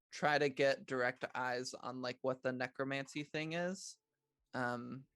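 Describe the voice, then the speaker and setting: Guy player, slow and unsure, dry close mic sound. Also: mid-range voice, a bit bright, no echo. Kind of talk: describing a character's actions in a tabletop game.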